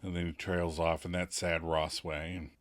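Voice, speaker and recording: A man's voice: sits low, flat delivery, moderate pace. A man co-hosting a podcast, recapping an episode in casual chat and jumping into playful character voices. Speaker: podcast co-host.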